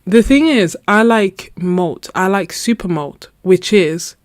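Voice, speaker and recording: Young woman host, chatty storyteller, mid pitch, dry sound. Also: slow, dry recording. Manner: animated storytelling, laughs often. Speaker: art channel host. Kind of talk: casual live chat story.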